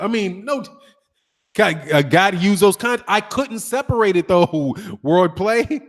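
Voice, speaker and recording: A man chatting casually on his boxing talk show, telling animated stories and laughing often. His voice sits a little high. It rings out with a long reverb, as if he is in a large, hard room. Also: normal speed. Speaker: boxing channel host. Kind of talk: casual livestream chat reading comments.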